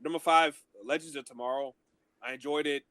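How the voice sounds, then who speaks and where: A man co-hosting a casual podcast, chatting in a relaxed way with fillers and the odd swear. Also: a little high, brisk, no echo. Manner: relaxed, easygoing fan talk with fillers and mild swearing. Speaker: podcast co-host. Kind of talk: casual chat.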